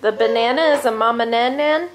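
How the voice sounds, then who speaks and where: A woman's voice: on the high side, a little fast, slight background noise. A young adult woman, a mother filming a casual home vlog, talking playfully in baby talk to her son and her cat. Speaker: vlogger and mother. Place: home, indoors.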